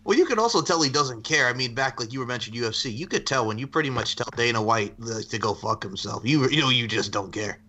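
A man's voice: medium pitch, expressive, quick pace, few pauses, pushed and bright. A man co-hosting a wrestling podcast in casual chat, who laughs often and talks animatedly. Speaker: podcast co-host.

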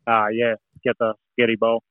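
A man's voice: medium pitch, completely flat delivery, brisk, dry recording. A chatty man from New Zealand trades blunt sports opinions with his mates. His voice comes down a thin, phone-like line, dry and close. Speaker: podcast co-host. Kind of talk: casual sports chat.

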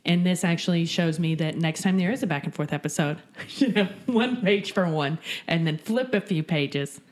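A woman's voice: lowish voice, moderate pace. A woman co-hosting a podcast in casual chat, wry and upbeat, dropping the odd swear. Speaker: podcast co-host.

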